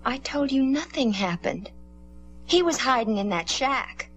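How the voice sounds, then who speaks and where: A woman's voice: high voice, big pitch swings, measured pace, a bit bright, a little hiss or hum, exaggerated voice. An actress playing a troubled teenage girl in a 1950s television drama, pleading and insisting on her innocence. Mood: defensive, pleading. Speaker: daughter accused of starting fires.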